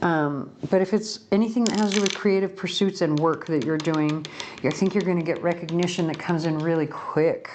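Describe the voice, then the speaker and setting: A woman's voice: lowish voice, fairly even intonation, fairly quick, background noise. A woman giving a casual pick-a-card tarot reading at home, talking in a chatty, rambling way and often correcting herself. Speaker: tarot reader. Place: home room by a window.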